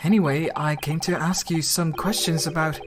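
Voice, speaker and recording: A woman's voice: deep voice, steady tone, normal speed, slight background noise, lightly acted. A woman voicing a polite young Japanese male law student, formal and courteous.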